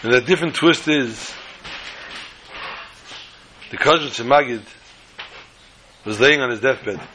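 A man telling religious stories in an animated, dramatic way, repeating phrases for effect. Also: medium pitch, slow pace, a little hiss or hum, rough recording. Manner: animated, dramatic storytelling with repetition. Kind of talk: storytelling lesson.

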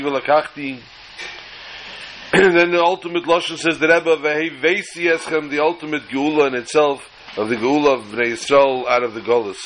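A man's voice: fairly high pitch, a bit bright, slight background noise, low-quality recording. A man, a rabbi giving a Torah class online, telling a story and weaving Hebrew and Yiddish words into his English. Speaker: rabbi teaching on the weekly Torah portion.

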